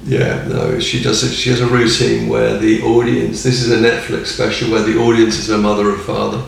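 Man, gravelly voice, rambling podcast chat, echoey room, distant mic, faint ambience. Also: lowish voice, little pitch movement, a little fast, slight background noise. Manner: rambling, enthusiastic, chuckles often. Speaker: guest.

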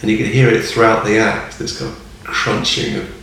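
A man's voice: on the low side, little pitch movement, moderate pace, a bit bright, recorded from a distance, slight background noise. A man chatting casually as a podcast guest, rambling and enthusiastic and chuckling often. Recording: echoey room, off mic.

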